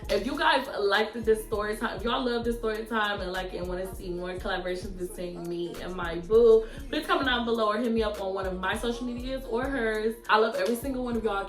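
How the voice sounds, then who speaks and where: A young woman hosting a vlog, telling her story in a relaxed, laid-back casual chat. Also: medium pitch. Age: young adult. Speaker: vlog host. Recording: roomy echo, faint music.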